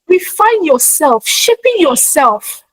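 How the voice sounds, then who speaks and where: In a low-quality, echo-free recording, a woman delivers a motivational talk about her own practice of speaking to online audiences. Her high, fairly bright voice moves slowly with big pitch swings as she hammers and repeats key points like a preacher.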